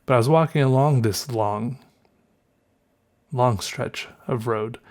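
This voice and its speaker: A man's voice: mid-range voice, slow pace, a little mellow. A man with a Southern American accent hosting a solo podcast, rambling and musing aloud, often correcting himself and chuckling. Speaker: podcast host. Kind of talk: casual solo podcast monologue.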